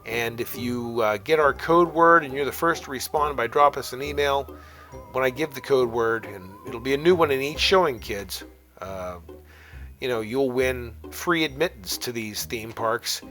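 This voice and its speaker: A man's voice: medium pitch, normal speed, a bit bright, soft background music. A man hosting a call-in aftershow podcast, talking in a chatty, upbeat, rambling way with fillers and laughs between calls and sponsor reads. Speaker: podcast host taking phone calls. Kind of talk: casual radio-style chat and sponsor reads.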